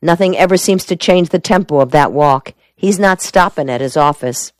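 An indignant young secretary, as a woman narrator puts her on, her voice raised above the reader's usual low tone. Dry and close to the mic. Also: moderate pace, no room sound, close to an everyday voice.

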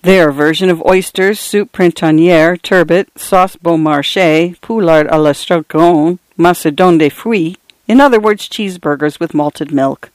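A man narrating a literary short story in a measured reading voice. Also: fairly high pitch, smooth, no room sound. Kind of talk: audiobook narration.

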